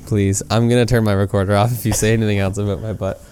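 A man's voice: lowish voice, level tone, fast, darkish tone, slight background noise. A young man co-hosting a podcast, answering his partner's teasing with dry, exasperated complaints. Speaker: podcast co-host. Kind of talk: casual podcast banter.

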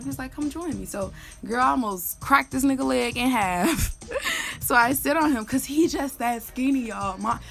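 Young woman storyteller in her twenties, animated and slangy, quick to laugh, mid-pitched voice, faint music behind. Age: 20s. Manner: animated, slangy, laughs and shouts when quoting herself. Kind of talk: casual storytime.

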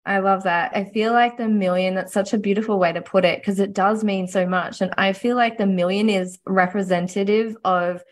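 A woman hosting a mentoring podcast, reflecting and affirming her guest in relaxed, chatty conversation. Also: medium pitch, normal speed, hardly any pauses. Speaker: podcast host. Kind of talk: conversational interview.

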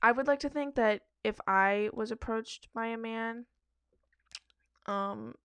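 A woman's voice: on the high side, slow pace, a bit bright, clean tone, dry recording. A woman giving casual, blunt reaction commentary on advice-forum stories, emphatic and profane.

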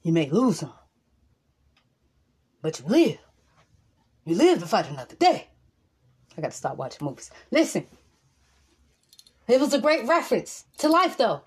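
A woman talking to camera in a fiery, preachy vlog monologue. Her voice has a husky edge, and she hammers her points by repeating them, with plenty of swearing. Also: medium pitch, big pitch swings, measured pace, long pauses. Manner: emphatic, preachy, profane; repeats lines for emphasis. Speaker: vlogger.

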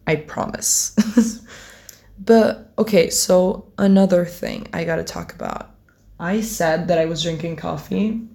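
A woman's voice: on the low side, big pitch swings, measured pace, creaky, dark tone. A teenage girl chatting casually to camera as a vlogger, rambling, giggling often and swearing offhandedly. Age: teens.

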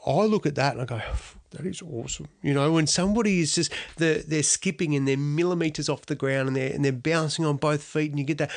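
A man's voice: fairly high pitch, fast talker, hardly any pauses, no echo. A middle-aged Australian man, an athlete being interviewed, telling stories in a blunt, salty way with laughs. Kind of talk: storytelling interview answer.

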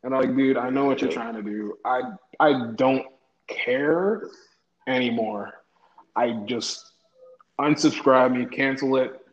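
A man's voice: medium pitch, measured pace. A young man from North Carolina telling a story in casual chat, laughing and acting out what others said. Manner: laid-back, laughing, acts out quoted voices. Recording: echoey room, dull lo-fi sound.

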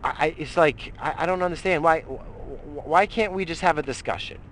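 A man's voice: a little high, a little fast, fairly bright tone, a little hiss or hum. A middle-aged man hosting a morning show, ranting heatedly about politics with constant swearing and rambling restarts. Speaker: radio show host. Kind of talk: profane political rant.

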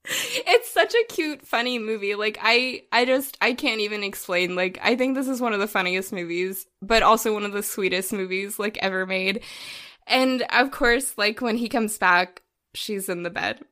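A woman's voice: medium pitch, normal speed, sharp tone. A woman co-hosting a casual film podcast, gushing and laughing as she retells scenes and acts out quoted lines. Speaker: podcast co-host. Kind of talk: casual chat.

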